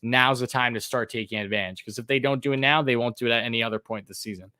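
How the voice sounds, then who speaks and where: A man hosting a live sports stream, talking casually with lots of ums and uhs and answering chat questions, and by his own account a bit monotone. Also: mid-range voice, quick pace, no echo, clean studio sound. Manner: casual, many fillers, reads chat names aloud.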